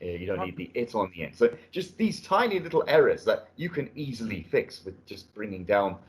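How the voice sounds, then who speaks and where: British man with a low voice. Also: very animated, a little fast. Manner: encouraging, repeats and restarts phrases. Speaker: speaking test examiner. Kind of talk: spoken feedback on a mock exam. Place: indoor room at a language academy.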